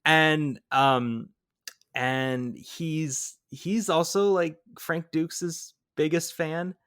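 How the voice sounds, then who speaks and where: A man co-hosting a film podcast, talking in animated casual chat and breaking into quick impressions. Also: fairly high pitch, clear, resonant tone, dry recording, studio quality. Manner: animated, excitable, jumps into impressions. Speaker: podcast co-host. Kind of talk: casual movie-review chat.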